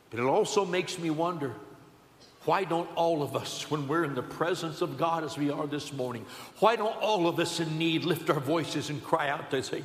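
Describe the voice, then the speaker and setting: A man preaching a sermon in a church, building to loud emphatic calls and dropping to soft low asides. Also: normal speed, roomy sound, long reverb tail. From Southern California. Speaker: pastor. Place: church building on a Sunday morning.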